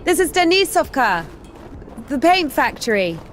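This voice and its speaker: A woman voicing a young nun in a video game, speaking plainly and quietly. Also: high-pitched, big pitch swings, a little slow, soft background music. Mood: earnest. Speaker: game character.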